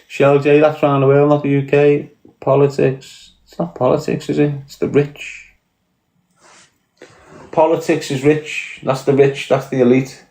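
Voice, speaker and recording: Fairly high-pitched yet darkish in tone, this Liverpool man speaks unhurriedly with little pitch movement. He's a podcast guest ranting bluntly and profanely, and the room echoes.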